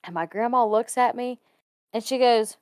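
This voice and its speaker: A woman's voice: on the high side, normal speed, a little mellow, clear, resonant tone, no room sound, studio quality. A woman casually telling a personal ghost story, chatty and laughing often between sentences.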